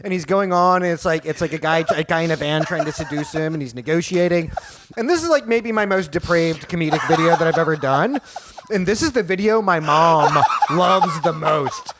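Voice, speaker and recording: High-voiced man riffing crude jokes. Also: noisy background. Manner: quick riffing, laughing often, crude jokes. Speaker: comedian and podcast co-host. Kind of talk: casual comedic podcast banter.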